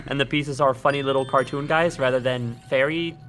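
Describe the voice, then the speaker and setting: A man's voice: medium pitch, steady tone, brisk, a bit bright, faint music behind. A man on a live stream, chatting casually and giving opinions at length about game lore. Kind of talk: casual chat.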